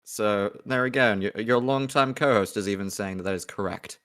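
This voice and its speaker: A man's voice: fairly low pitch, a little fast, a bit bright. A man hosting a casual livestream chat, teasing his guest. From New Zealand. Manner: teasing, sardonic. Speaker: show host.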